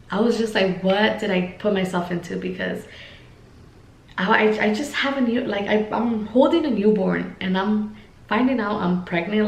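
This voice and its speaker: A woman's voice: on the low side, gravelly. A young woman telling a personal story to her viewers in a chatty vlog style, full of fillers and talking straight to the audience. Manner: chatty, many fillers, addresses viewers as guys. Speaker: vlogger. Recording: echoey room.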